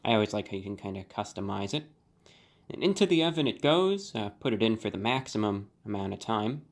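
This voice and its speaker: A young man hosting a food review vlog, talking in an earnest deadpan way and hamming up catchphrases in different voices. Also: fairly low pitch, a little fast. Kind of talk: deadpan comic vlog monologue.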